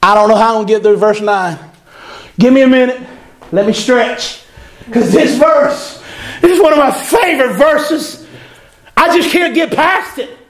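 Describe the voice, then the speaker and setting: Male pastor, very high voice, animated emphatic sermon delivery. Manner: animated, emphatic preaching with repetition.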